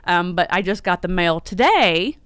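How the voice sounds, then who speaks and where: A woman hosting a casual live stream, chatty and rambling, full of fillers and quick self-corrections. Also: on the low side, lively intonation, fairly bright tone, clear, resonant tone, no room sound, studio quality. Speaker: livestream host. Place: home in Las Vegas.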